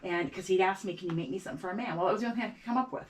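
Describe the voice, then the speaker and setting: A middle-aged woman, a beadwork artist, telling her story in a casual interview, halting and repeating words as she acts out what others said. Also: mid-range voice, slight background noise. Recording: voice a bit far from the mic.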